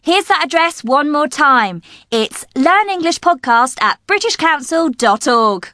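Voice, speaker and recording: Woman co-host, high bright voice, slow and cheery, dry studio. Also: animated, background noise. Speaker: podcast co-host. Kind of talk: scripted radio presenting.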